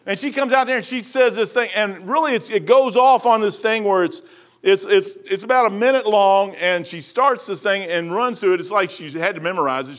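A man with a Kentucky accent preaching in a folksy, joking storytelling style. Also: sits high. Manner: folksy, jokey, animated storytelling. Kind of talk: storytelling sermon.

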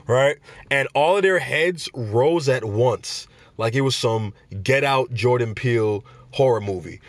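Animated young man, dry close recording. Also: medium pitch, dry recording. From Florida. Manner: animated storyteller, laughs often, repeats himself. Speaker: vlogger. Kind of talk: casual commentary.

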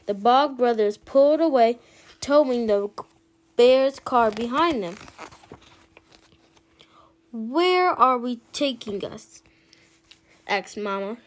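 Slow, high-voiced woman reading a storybook. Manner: slow, expressive read-aloud, lifting her voice for characters. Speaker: storybook reader. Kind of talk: reading a children's picture book aloud.

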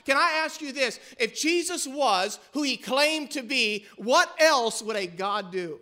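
High, bright-voiced male pastor preaching. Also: expressive, moderate pace, few pauses. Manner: fervent preaching with rhetorical questions. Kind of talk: sermon.

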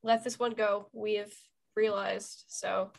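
A woman co-hosting a book podcast, reacting in a gushing, excitable way in casual chat. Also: medium pitch, slow, creaky. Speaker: podcast co-host.

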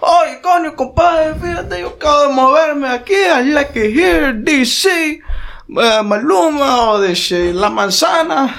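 A man's voice: very high-pitched, animated, unhurried, gravelly, fairly bright tone, pitched above the performer's own voice, heavily acted. A man putting on a chirpy wannabe singer. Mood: upbeat. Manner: upbeat, mixes Spanish into English. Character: eager young Colombian man, wannabe music artist.

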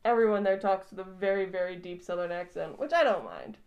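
A woman's voice: mid-range voice, brisk, gravelly, a little mellow, lo-fi sound. A young woman co-hosting a podcast in casual chat, giggly and chatty with lots of fillers. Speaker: podcast co-host.

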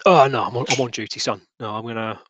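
A man doing a gruff Victorian constable. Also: mid-range voice, fast, fairly bright tone, natural voice. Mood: dutiful. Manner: blunt, dismissive.

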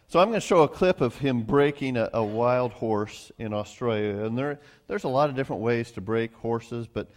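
Halting, folksy man preaching a sermon. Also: mid-range voice, darkish tone. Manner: halting, repeats words, folksy asides. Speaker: pastor.

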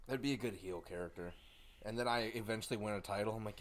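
A man's voice: on the low side, quick pace. A young man in casual podcast chat, joking and acting out imagined back-and-forth dialogue. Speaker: podcast co-host.

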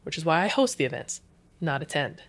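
A woman in her thirties, talking as a guest in a casual interview, chatty and animated, with lots of "like". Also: deep voice, a little fast. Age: 30s. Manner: chatty, says "like" often, animated retelling. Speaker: guest, UX designer.

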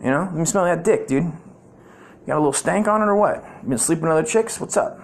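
A man's voice: on the high side, expressive, fast talker. A man putting on the voice of his crude, suspicious girlfriend, accusing him in a brash, profane way.

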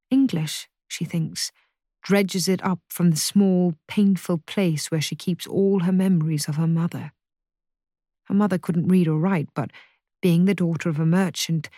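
A woman narrating a historical novel as an audiobook in a measured, even reading voice. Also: on the low side, no echo, studio quality. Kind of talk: scripted narration.

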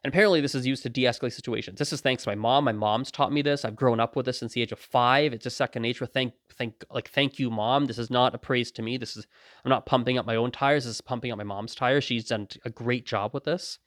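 Here a podcast host talks casually on his own, his medium-pitched voice moving quickly. There's no room sound, just clean studio quality, and he animatedly performs quoted voices while laughing a lot.

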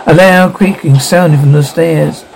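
A man reads a spooky tale aloud with a gravelly, fry-edged voice that sits a touch high for a man. His tone is dark and mellow, and he lightly voices the characters as he goes. A faint hum of room ambience sits underneath. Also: steady tone, measured pace, low-quality recording. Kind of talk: audiobook narration of a ghost story.

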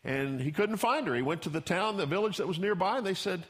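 A man's voice: sits high, lively intonation, fast talker, a bit bright. A man pastor preaching a sermon in a folksy storytelling way, acting out the characters he describes.

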